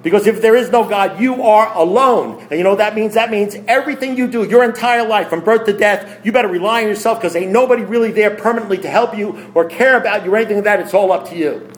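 A man's voice: sits high, quick pace, few pauses. A man speaking at a recovery meeting, blunt and preachy, firing off rhetorical questions. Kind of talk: AA meeting talk.

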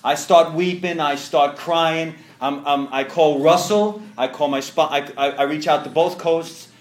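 A man sharing a personal recovery story with an audience, animated and full of restarts. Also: a little high, a little slow, reverberant. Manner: animated, self-interrupting storyteller with many restarts. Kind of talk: storytelling testimony to a live audience.

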